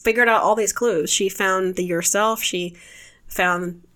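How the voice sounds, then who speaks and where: A woman with a mid-range voice chats with her co-host. She sounds animated and enthusiastic and laughs often. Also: mid-range voice, unhurried. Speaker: podcast co-host. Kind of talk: casual chat.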